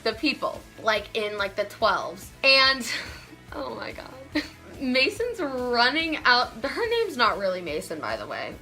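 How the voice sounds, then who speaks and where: A woman's voice: sits high, pushed and bright. A teenage girl telling a camp story on her vlog in a rambling, giggly way, full of "like" and asides. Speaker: vlogger. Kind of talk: casual storytime.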